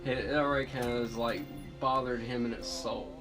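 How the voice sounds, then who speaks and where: A man's voice: medium pitch, flat delivery, normal speed. A man recapping a TV episode in a casual, rambling way, full of fillers and self-corrections. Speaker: TV show reviewer. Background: guitar music.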